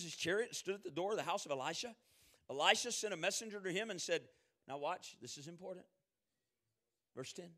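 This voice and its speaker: A man preaching a sermon, reading scripture aloud and swinging from shouted quotes to hushed, quiet asides. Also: high voice.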